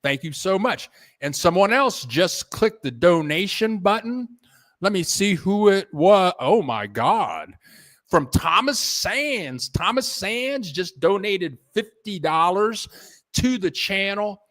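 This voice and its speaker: A man hosting a casual livestream, rambling in a halting, repetitive way, thanking viewers and restarting his sentences as he chats from his computer at home. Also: sits high, lively intonation, fairly bright tone. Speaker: livestream host reading viewer donations.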